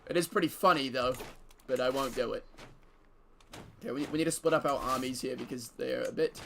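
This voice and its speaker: A man's voice: medium pitch, fairly quick, creaky, a bit bright, slight background noise. A man giving casual gameplay commentary, joking and swearing and reading game events aloud. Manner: casual, profane, joking banter with frequent laughter. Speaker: streamer.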